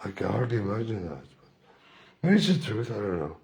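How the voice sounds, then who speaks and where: Very animated and a bit fast, a man with a fairly low, darkish voice rambles to the camera about spiritual matters. He keeps circling back over the same points and asks himself questions aloud.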